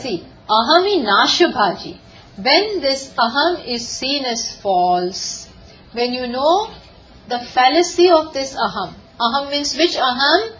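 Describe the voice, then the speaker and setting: A woman giving a lively scripture lecture, telling stories and often laughing. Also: high voice, takes it slowly, dull audio, a little hiss or hum. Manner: animated storytelling, often laughing. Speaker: spiritual teacher.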